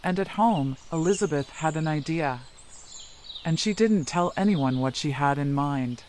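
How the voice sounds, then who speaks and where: A man narrating a children's story in an even, unhurried storytelling manner. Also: on the high side, slight background noise.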